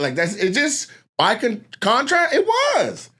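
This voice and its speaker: A young adult man from Washington State telling profane, animated stories in casual chat, acting out the people he quotes. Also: high-pitched, moderate pace, few pauses, a little hiss or hum. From Washington State, USA. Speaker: guest storyteller.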